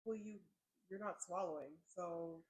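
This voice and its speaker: A woman helps a friend after surgery, quick and teasing but reassuring. Her voice is husky and sits a little away from the mic. It sounds softer than the person filming. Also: lowish voice. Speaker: caregiver off camera.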